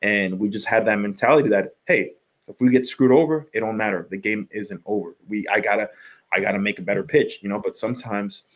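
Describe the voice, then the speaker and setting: A man in his thirties with a somewhat low voice talks baseball casually on a podcast. He rambles, doubling back on words as he works out his point, like a former pitcher swapping stories. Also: fairly quick. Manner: rambling, repeats words while thinking. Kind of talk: casual sports chat.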